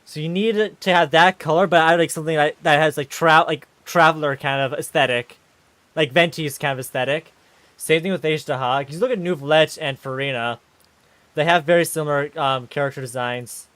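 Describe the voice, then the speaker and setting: Male streamer, slightly high voice, casual live commentary that flares into excited rants. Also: brisk, no room sound. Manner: excitable, ranting and exclaiming.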